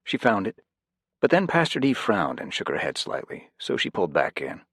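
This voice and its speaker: A man reading an audiobook in a lowish voice with lively, expressive intonation. The recording is dry and close, with no room around it. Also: moderate pace, breathy edge, no echo. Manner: expressive, varied delivery. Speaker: audiobook narrator. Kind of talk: scripted audiobook narration.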